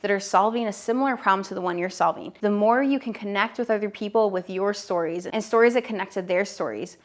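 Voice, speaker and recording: A woman's voice: mid-range voice, quick pace. Upbeat woman in her thirties teaching. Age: 30s. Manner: upbeat, direct, talks straight to the viewer. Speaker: online business educator. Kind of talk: direct-to-camera teaching video.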